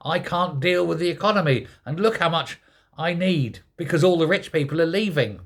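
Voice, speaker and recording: Sneering smug female minister as a man mocks her, reckless, slightly high voice. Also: lively intonation, moderate pace. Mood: mocking. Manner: sneering mockery.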